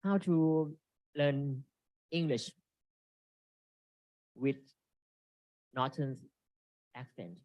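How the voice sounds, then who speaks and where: Halting man presenting a seminar. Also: medium pitch, dry recording. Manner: halting, reads from slides with frequent restarts. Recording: dry, dull lo-fi recording.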